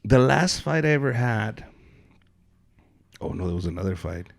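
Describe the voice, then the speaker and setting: Loud animated man telling stories. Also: on the low side, moderate pace, creaky. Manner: loud, animated storytelling, swearing a lot. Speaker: podcast host, comedian. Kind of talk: casual podcast chat.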